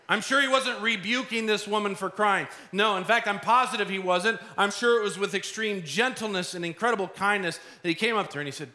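Pastor, male, young adult; earnest, chatty sermon delivery, bright voice. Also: high voice, a little fast, few pauses. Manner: earnest, conversational preaching with acted-out asides.

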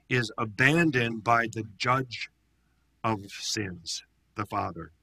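A gravelly man teaches scripture to a group in an animated, conversational way, often asking rhetorical questions. His voice is bright and husky, recorded dry and close. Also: medium pitch, dry recording. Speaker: pastor leading a Bible study.

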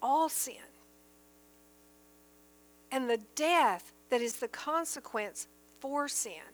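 A woman with a high voice gives an earnest Bible teaching. She talks at an unhurried pace, reading verses aloud and stressing the key points. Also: lively intonation. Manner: earnest and emphatic, reads scripture aloud then explains it. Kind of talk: sermon-style Bible teaching.

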